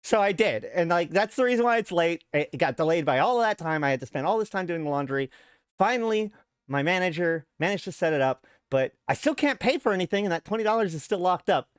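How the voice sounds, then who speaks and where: Animated man ranting to his viewers. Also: sits high, fairly quick, clean tone, no room sound, clean studio sound. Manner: animated storyteller, acts out others' replies. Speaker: show host. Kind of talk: casual rant to a live audience.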